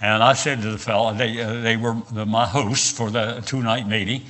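A man's voice: fairly low pitch, fairly even intonation, normal speed, fairly bright tone. An older man from West Virginia with a Southern accent, preaching a sermon and telling folksy personal stories with frequent "uh"s and repeated words.

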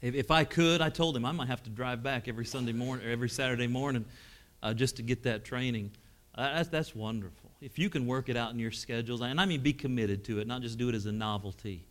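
A middle-aged male preacher with a drawl and a bright, forceful voice. He tells stories from the pulpit, rising to loud, exclaiming peaks and then dropping to hushed, heartfelt lines. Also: medium pitch, fast talker. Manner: storytelling, swings from loud exclamations to hushed emotional tones. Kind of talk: sermon.

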